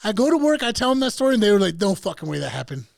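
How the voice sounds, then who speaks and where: A man's voice: high-pitched, rapid-fire, gravelly, dry recording. A man co-hosting a podcast, telling a story in a casual, profane way and acting out the people in it. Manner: animated, profane, acts out other people's voices. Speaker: podcast co-host.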